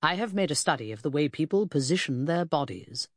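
A pompous, brusque middle-aged male detective, as a woman reader puts him on, lofty and pedantic in a storybook reading. The voice sits low and husky, with a lively rise and fall on each grand phrase. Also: brisk, dry recording, studio quality. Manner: lofty, formal and clipped. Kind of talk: audiobook character reading.

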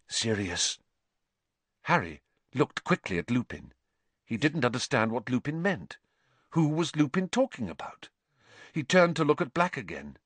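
A man narrating a story with dramatic, expressive reading into a close studio mic. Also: mid-range voice, no echo. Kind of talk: audiobook narration.

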